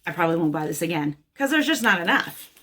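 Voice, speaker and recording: A woman's voice: fairly low pitch, big pitch swings, quick pace, pushed and bright. A woman nail technician chatting casually and bluntly while showing nail art supplies she bought. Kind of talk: casual product haul talk.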